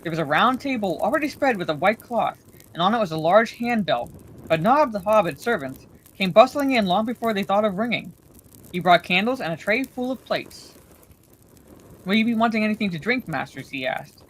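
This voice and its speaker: A woman reading a bedtime story aloud in a calm, steady way as the storyteller. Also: mid-range voice, fairly quick, breathy edge, low-quality recording.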